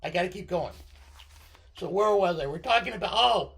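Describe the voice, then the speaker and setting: A middle-aged man with a high, gravelly, scratchy voice talks straight to his viewers from home. He rambles from one thought to the next, stumbling over repeated words and cutting himself off mid-sentence. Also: expressive, moderate pace, fairly bright tone. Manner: digressive, stammering, self-interrupting. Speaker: vlogger. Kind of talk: rambling casual monologue.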